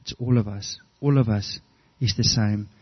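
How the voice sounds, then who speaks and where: A man's voice: fairly low pitch, normal speed, husky, lo-fi sound. A middle-aged man preaching a sermon, earnest and storytelling, often restarting his words. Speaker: pastor.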